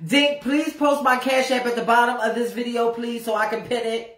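A woman's voice: on the high side, little pitch movement, normal speed, fairly bright tone, reverberant. A woman ranting on a livestream in a brash, profane way, repeating phrases over and over for emphasis. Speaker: live streamer. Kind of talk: unscripted livestream rant.

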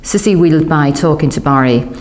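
Low-voiced woman reading a novel. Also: a little fast. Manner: reads dialogue with lively, raised character voices. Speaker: audiobook narrator. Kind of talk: audiobook reading.

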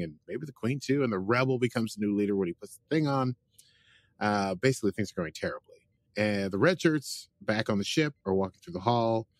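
A man with a fairly low voice talks through a show's plot in a loose, rambling recap, piling up "like" and "uh" as he goes. His voice sits close and dry on a podcast mic, with no room sound around it. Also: no room sound. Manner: rambling, chatty retelling with frequent fillers. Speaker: podcast host. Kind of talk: casual episode recap.

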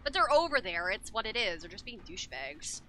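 Young woman streamer, bright lively voice, swears a lot, faint hiss behind. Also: fairly high pitch, brisk. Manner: frustrated, swearing, talking to chat. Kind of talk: casual game commentary.

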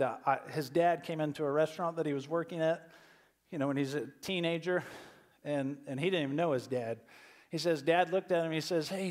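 A pastor delivers a sermon in a conversational way, often doubling words as he starts a thought. His voice sits a little higher than most men's. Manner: conversational preaching, repeats words when starting phrases.

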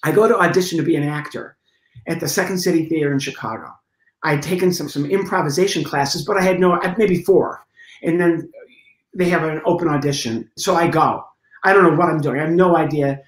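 A man's voice: on the high side, a little fast. Middle-aged man telling stories in an echoey room. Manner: lively storyteller, acts out scenes and sound effects. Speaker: guest comedian. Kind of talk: storytelling in a conversation. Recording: roomy echo.

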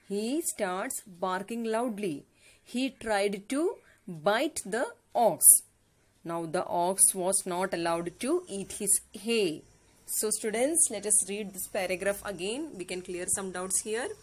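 A woman teacher with an Indian English accent, reading a fable aloud and patiently explaining each word to her students. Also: medium pitch. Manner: patient, explains words slowly, asks "yes or no?". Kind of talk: classroom story explanation lesson.

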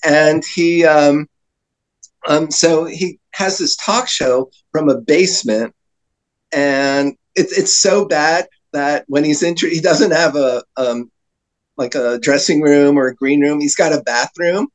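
A man's voice: fairly high pitch, takes it slowly, low-quality recording. A man telling long rambling anecdotes as a podcast guest, with frequent fillers and laughter. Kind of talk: storytelling in casual chat.

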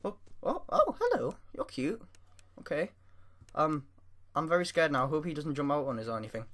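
A man playing a horror game and commenting for his viewers, jittery and excitable, talking to himself as he goes. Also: fairly high pitch, fairly quick. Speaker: gaming YouTuber. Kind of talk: let's-play commentary.

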